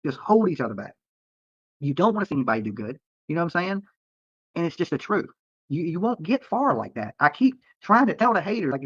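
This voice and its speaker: Man streamer, higher voice, bright and forceful, profane late-night rant, dry close sound. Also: very animated, quick pace, slightly rough, no room sound. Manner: profane, heated, repetitive. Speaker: live-streaming YouTuber. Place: hotel room. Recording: dull lo-fi stream audio.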